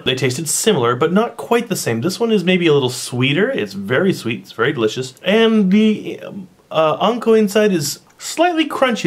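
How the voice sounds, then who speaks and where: A man casually chatting while tasting and describing a snack for his vlog, recorded on a camera mic at home. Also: mid-range voice. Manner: chatty, rambling, eats on camera. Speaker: vlogger.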